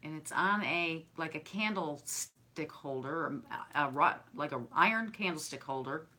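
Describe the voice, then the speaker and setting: A woman's voice: sits low, lively intonation, measured pace, bright, forceful tone. A woman, chatting casually and effusively to her viewers while unboxing gifts they sent her. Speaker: craft and decor vlogger.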